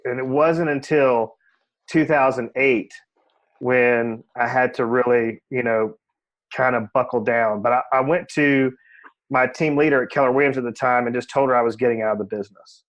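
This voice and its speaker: A man's voice: mid-range voice, normal speed, muffled recording. A man who works as a real estate agent, a podcast guest telling his own story candidly and reflectively, leaning on "you know" fillers. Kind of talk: casual interview storytelling.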